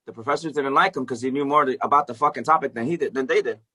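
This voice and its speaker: A middle-aged man, a music educator, telling stories as a guest in a casual interview, animated and profane, laughing often. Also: mid-range voice, racing, slightly rough.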